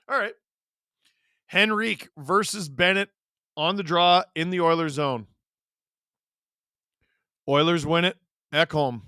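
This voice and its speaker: A man calls a game live as he watches, his high, sharp voice jumping into shouts when a big chance comes. He talks in an excitable, running stream of play-by-play. The sound is dry and close, with no room echo. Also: vocal fry.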